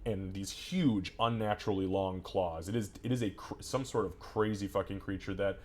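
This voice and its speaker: A man with a somewhat low voice runs a tabletop game as game master. He narrates the combat loosely and casually, swearing freely as he goes. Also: normal speed, a little hiss or hum.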